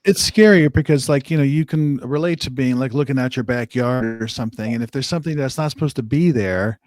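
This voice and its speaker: A man's voice: mid-range voice, a little fast, a little mellow, dry recording. Casual male reviewer, lots of fillers. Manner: casual, filler-heavy, stumbling over words. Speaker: movie reviewer. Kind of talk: casual discussion reacting to a trailer.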